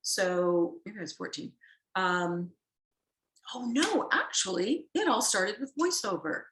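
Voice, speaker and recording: A middle-aged actress, a guest in a casual interview, telling stories in a rambling, self-correcting way and laughing easily. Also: female voice, mid-range voice, big pitch swings, takes it slowly, a bit bright, a little hiss or hum. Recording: echoey room.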